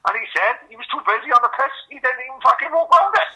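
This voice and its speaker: A British man co-hosting a podcast, telling stories in a crude, sweary, animated way. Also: very high voice, rapid-fire, slightly rough, poor audio. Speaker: podcast co-host. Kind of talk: crude casual banter.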